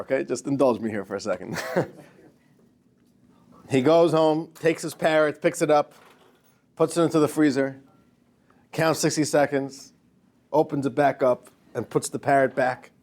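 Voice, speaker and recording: A man's voice: medium pitch, moderate pace, pauses often, a little mellow. A man teaching a class as a rabbi, telling jokes and addressing the listeners as dear friends. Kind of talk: lecture with jokes.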